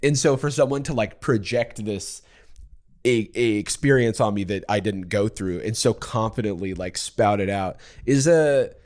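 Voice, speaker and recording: Man, lowish voice, halting and reflective podcast talk. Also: a little mellow. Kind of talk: casual podcast conversation.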